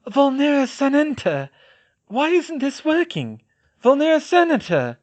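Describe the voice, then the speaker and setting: A man voicing a hurt, sharp-tongued teenage witch with a raspy voice. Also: extremely high pitch, a little slow, pitched above the performer's own voice. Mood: urgent.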